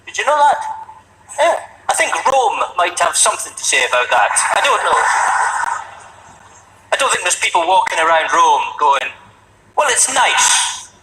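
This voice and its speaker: A man with a Scottish accent doing a stand-up routine, telling stories deadpan and slipping into voices for the characters in them. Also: sits high, moderate pace, pauses often, echoey room, distant mic, slight background noise, poor audio. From Scotland. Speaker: stand-up comedian.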